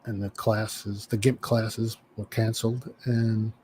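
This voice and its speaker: A man telling a story in casual chat, swearing freely and animated. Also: fairly low pitch, slow, husky. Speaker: chat participant.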